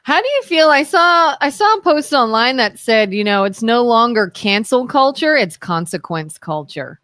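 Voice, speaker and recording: A woman co-hosting a live talk radio show, animated as she retells stories and acts out quotes. She asks her co-host pointed questions. The sound is close and dry, with no room echo. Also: a little high, normal speed.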